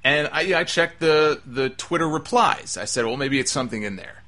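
A man's voice: on the high side, expressive, normal speed, bright, forceful tone. A man hosting a talk show, delivering an emphatic, exasperated opinion monologue. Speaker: wrestling talk show host.

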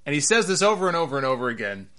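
A man giving opinionated solo commentary on wrestling, animated and sarcastic, repeating himself for emphasis. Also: rapid-fire. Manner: animated, rises in pitch when worked up.

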